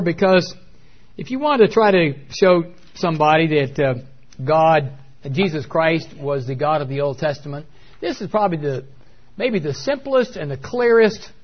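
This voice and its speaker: A man teaching from the Bible in a sermon, pausing often with fillers and pressing hard on key words. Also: on the high side, slightly rough, lo-fi sound. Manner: hesitant with many fillers, emphatic on key words. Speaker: preacher.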